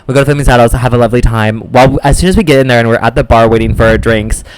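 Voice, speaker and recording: A man from Wisconsin co-hosting a podcast, telling stories in a chatty, animated way and acting out the people he quotes. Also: mid-range voice, racing, slight background noise. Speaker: podcast co-host. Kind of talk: casual chat storytelling.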